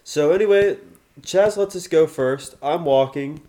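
A man's voice: on the high side, unhurried, warm tone. A man who is a podcast guest in casual chat, telling a story and often chiming in with "right.". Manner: storytelling, says "right" a lot.

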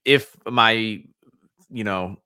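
Man, bright tense voice, dry close sound, halting casual chat, swears casually. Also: on the low side, dry recording. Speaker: podcast co-host.

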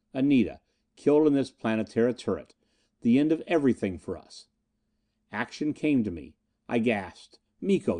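A man's voice: medium pitch, warm tone. A man narrating a first-person adventure story in a dramatic, tense reading style. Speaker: audiobook narrator.

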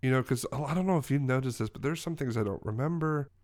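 A man co-hosting a comedy podcast, improvising deadpan bits and playing a fumbling mock lawyer. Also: mid-range voice, fast talker.

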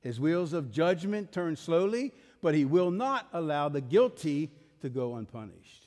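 A man's voice: a little high, sing-song, measured pace, darkish tone, long reverb tail. A male pastor preaching a sermon, emphatic, putting rhetorical questions to his congregation.

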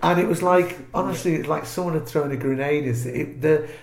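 A comedian guest from Liverpool, England, tells gig stories in a relaxed chat, speaking a little fast with a creaky voice. He animatedly acts out heckles in quoted voices, leaping up for punchlines and dropping low for asides, all in an echoey room.

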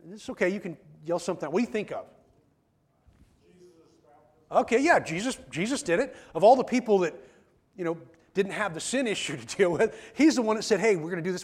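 A male pastor giving a conversational sermon in church, often repeating words as he starts a sentence. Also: sits high.

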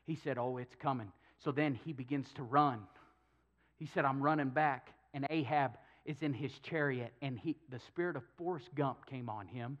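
A man's voice: mid-range voice, moderate pace, lo-fi sound. A male pastor preaching a sermon, telling a Bible story with jokes and acted-out quotes. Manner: storytelling with humor, acting out quotes.

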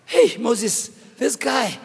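A man preaching a dramatic sermon, acting out the dialogue with shouts. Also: very high voice, extremely slow, vocal fry, slightly rough, in a large hall.

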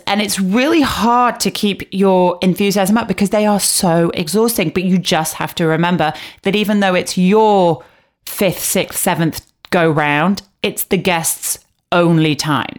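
Blunt, swearing woman gossiping casually. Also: lowish voice. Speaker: podcast co-host recapping a reality show. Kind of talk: casual chat.

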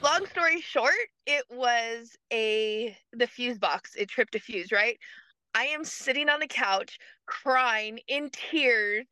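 A woman podcast guest telling personal stories in a lively way, with big jumps in pitch. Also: slow, clean tone, no echo, rough recording. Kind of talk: animated personal storytelling.

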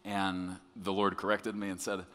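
A male pastor preaching a sermon in a conversational way, with restarts, swinging from quiet confiding passages to loud emphatic ones. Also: sits low, flat delivery, normal speed, long reverb tail.

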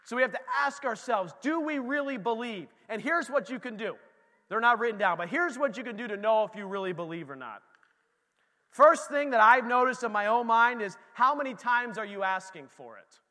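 High bright preacher in a hall. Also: male voice, a little fast. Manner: animated, talks straight to the congregation. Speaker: pastor. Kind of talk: casual conversational sermon.

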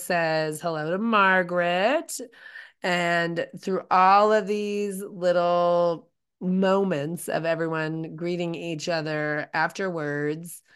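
A woman co-hosting a podcast, recapping a reality show in relaxed, expressive talk with plenty of filler words. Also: fairly low pitch, smooth. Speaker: podcast co-host.

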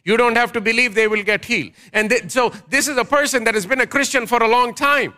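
A man's voice: extremely high pitch, fast talker, pushed and bright. A man preaching a sermon as pastor, emphatic, asking the congregation questions and leading call-and-response.

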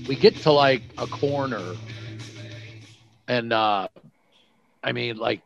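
A middle-aged man tells a story in a gravelly, easygoing voice. He acts out his friends' lines with plenty of swearing. Faint music plays underneath. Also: medium pitch, takes it slowly, muffled recording. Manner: animated, acts out quotes with swearing. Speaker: guest storyteller. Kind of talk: casual storytelling.

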